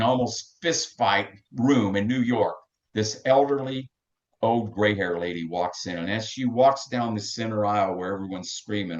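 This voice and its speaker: An older man gives a passionate, emotional storytelling talk as a recovery meeting speaker. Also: mid-range voice. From Texas. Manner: passionate, emphatic. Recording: dull lo-fi recording.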